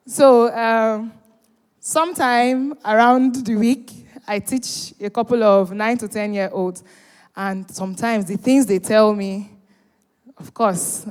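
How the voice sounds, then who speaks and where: Woman mc, high voice, teasing the crowd, big echoey hall. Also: clean tone. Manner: animated, teasing, urging the crowd. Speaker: event host. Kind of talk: hosting a live event, bantering with the audience. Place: large event hall. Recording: reverberant hall.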